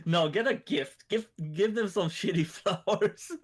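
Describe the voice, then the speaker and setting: A man playing a tabletop game, animated, laughing and swearing casually. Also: high voice, a little slow, slightly rough. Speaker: player.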